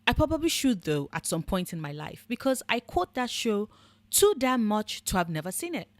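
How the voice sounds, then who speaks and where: Woman, sardonic commentary host, blunt and profane, mid pitch, dry close-miked sound. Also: big pitch swings, moderate pace, dry recording. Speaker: book and fandom commentator. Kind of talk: scripted commentary monologue.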